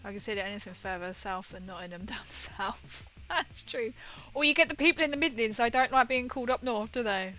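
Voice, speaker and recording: Northern english woman chatting on stream while she paints, bright voice, soft music behind. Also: on the high side, animated, fairly quick, lo-fi sound. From northern England. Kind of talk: casual livestream chat while painting. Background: faint music.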